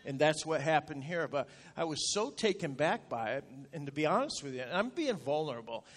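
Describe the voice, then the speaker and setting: A middle-aged pastor preaches in a folksy, self-deprecating manner. His voice sits a little high for a man, and he gets animated as he retells his own anger. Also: fairly quick. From rural upstate New York. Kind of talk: sermon storytelling.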